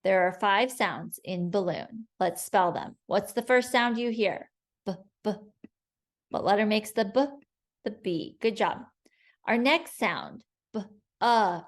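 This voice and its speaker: Woman teacher, phonics lesson; deliberately slow, patient, clear sounding-out of words. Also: mid-range voice, animated.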